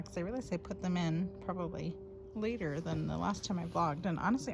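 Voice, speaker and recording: A woman's voice: fairly low pitch, low-quality recording. Gushing woman in her garden. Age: around 40. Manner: excitable and gushing, drops to hushed whispers. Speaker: gardening vlogger. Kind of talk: casual garden vlog. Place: outdoors in a home garden.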